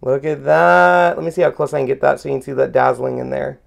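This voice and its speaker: Loud chatty woman with a gravelly edge. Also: a bass voice, racing. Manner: loud, chatty, excited about crafts. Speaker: co-host of a live crafting stream. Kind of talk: casual live craft demo chat.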